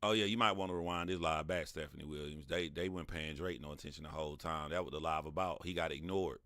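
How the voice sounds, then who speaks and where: Deep-voiced man hosting a casual livestream. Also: quick pace, dry recording, studio quality. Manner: animated, laughs often, talks back to chat. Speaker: livestream host.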